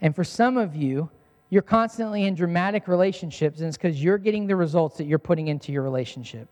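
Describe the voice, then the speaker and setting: A man's voice: on the high side, quick pace, darkish tone. A man in his thirties preaching a sermon as a pastor, earnest and emphatic, repeating his key lines. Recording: long hall reverb.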